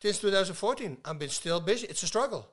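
A man's voice: high voice, expressive, quick pace, a bit bright. A middle-aged man speaking as a guest in a casual conversation, telling stories with emphasis. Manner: emphatic, storytelling.

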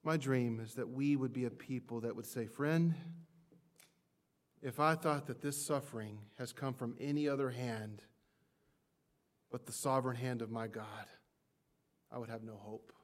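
A middle-aged male pastor giving a sermon, moving from soft, hushed passages to loud, impassioned climaxes. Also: mid-range voice, steady tone, unhurried, pauses often.

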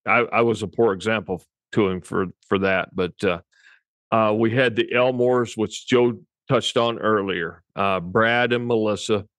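A man sits at a podcast mic, talking about his cattle business in easy, meandering chat. His voice sits low and the recording is dry and close, with no room sound. He chuckles as he goes. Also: a little slow, fairly bright tone, dry recording. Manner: rambling storyteller, chuckles often. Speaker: podcast co-host and cattle breeder. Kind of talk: casual chat.

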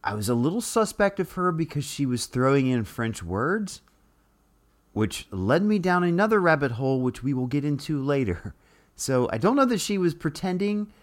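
A man's voice: a little high, sing-song, moderate pace. A man talking casually through an explainer monologue, with frequent restarts and fillers.

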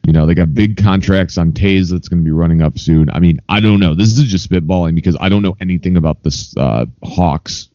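A very deep, mellow-voiced man co-hosting a loose sports chat. He rambles, swears freely and pokes fun at himself. The audio is dry and a little dull, like a home podcast setup. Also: dry recording. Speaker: podcast co-host.

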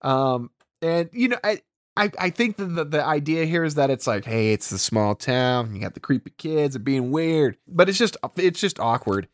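A man's voice: on the high side, expressive, normal speed, no echo, studio quality. A man casually retelling a movie's plot, rambling with lots of ums and acting out the characters' lines. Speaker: podcast co-host. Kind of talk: casual movie recap chat.

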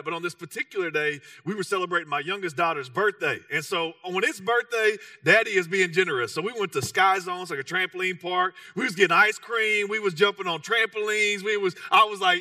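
Chatty Texan preacher, bright dry voice. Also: male voice, sits high, fairly quick, hardly any pauses, no echo, far from the mic. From Texas. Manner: conversational, self-mocking, lots of "you know". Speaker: pastor. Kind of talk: sermon storytelling.

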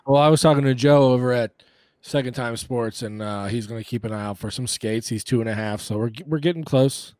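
Male podcast co-host, easygoing, mid pitch, dry close sound. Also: brisk, a little mellow, no room sound. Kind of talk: casual chat.

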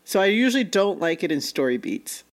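A woman's voice: lowish voice, very animated, fairly quick. A woman in casual conversation recapping an anime, chatty and laughing often as she acts out characters' lines. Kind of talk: casual chat reviewing an anime.

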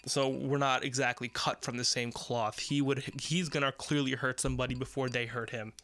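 Brief: young American guy, podcast host, crude rambling storyteller, bright tense voice, dry close sound. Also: mid-range voice, moderate pace, no room sound. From United States. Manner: rambling, profane, animated. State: sick with covid. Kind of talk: casual storytelling monologue.

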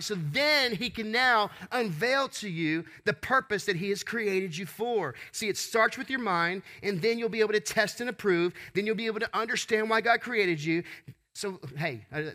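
Preacher guy, kinda high voice, bright and punchy, lots of "right?" and "come on". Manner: preachy call-and-response, rhetorical questions. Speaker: pastor. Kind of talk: sermon.

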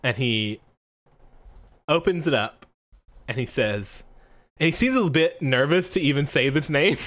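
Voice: medium pitch, lively intonation, a little slow, a bit bright. A player narrating a tabletop role-play scene, rambling with many fillers.

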